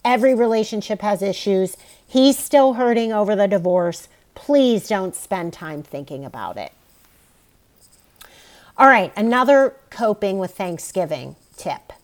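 A woman hosting an advice podcast, talking straight to the listener in a warm, reassuring way. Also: mid-range voice, expressive, a little slow. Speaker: podcast host.

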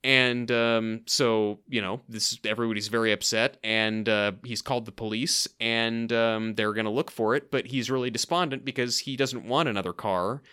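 A man co-hosting a podcast, chatting casually about a sitcom episode and laughing often. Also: smooth. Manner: animated, quick to laugh, mocks lines in high voices. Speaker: podcast co-host.

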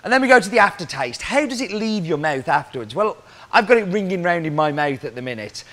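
A man's voice: high voice, big pitch swings, quick pace, a bit bright. A man working as a coffee roaster, explaining cupping scores and roasting, talking through questions aloud as he goes.

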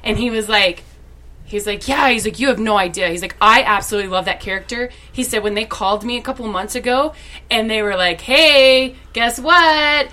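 Bright-voiced excited young woman. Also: mid-range voice, quick pace. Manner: excited storyteller acting out quotes. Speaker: podcast co-host. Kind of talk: casual chat.

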